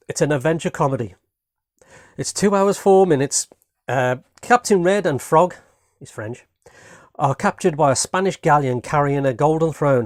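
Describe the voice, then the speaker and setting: A man's voice: fairly high pitch, no echo, clean studio sound. A man from Britain casually reviewing his latest home movie watches, rambling and enthusiastic, peppering his talk with "man" and "you know what I mean".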